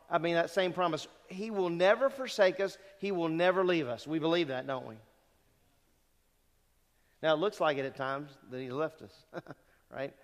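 A middle-aged man preaching a sermon to graduating students, earnest and conversational, often asking rhetorical questions. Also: high-pitched. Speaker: pastor. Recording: long reverb of a hall.

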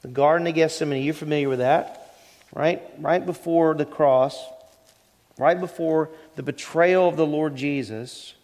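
A middle-aged male pastor with a fairly high voice delivers a sermon in a chatty, teaching manner. He keeps asking the congregation questions and slows down on the phrases he wants to land. His voice carries a long reverb from the church sanctuary. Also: fairly even intonation, a little mellow. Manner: conversational preaching, asks the congregation questions, slows down on key phrases.

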